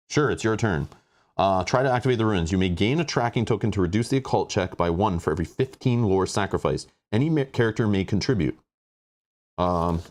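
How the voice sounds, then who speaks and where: Exasperated low-voiced man reading game rules. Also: darkish tone. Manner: rambling, exasperated about the rules. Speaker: host playing a board game. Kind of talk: casual board game playthrough, reading rules aloud.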